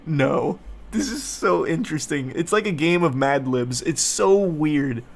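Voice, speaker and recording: Sarcastic man with a slightly high voice. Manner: sarcastic, profane, deadpan mockery. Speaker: host. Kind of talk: commentary reading text messages.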